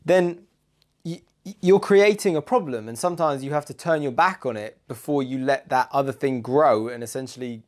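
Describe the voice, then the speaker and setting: A man's voice: mid-range voice, normal speed. A man, co-hosting a podcast and giving blunt, emphatic relationship advice in casual chat. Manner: chatty, emphatic, British slang.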